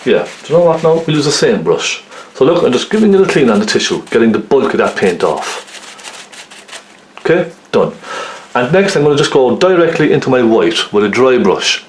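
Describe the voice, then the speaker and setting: A man's voice: medium pitch, sing-song, brisk, slight background noise. A man giving a chatty, step-by-step oil painting lesson, often checking in with tag questions. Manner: chatty, lots of tag questions like okay and isn't it. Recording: roomy echo.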